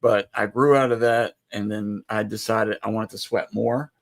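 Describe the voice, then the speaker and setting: Easygoing man with a low voice. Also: fairly even intonation, moderate pace, gravelly. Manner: easygoing and jokey. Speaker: livestream co-host. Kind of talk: casual livestream chat. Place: Texas.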